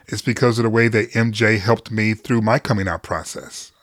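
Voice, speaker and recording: A man's voice: fairly low pitch, moderate pace, a bit bright, no echo, clean studio sound. A middle-aged man speaking as a podcast guest, telling personal stories candidly and earnestly, laughing easily and swearing casually. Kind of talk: candid conversational storytelling.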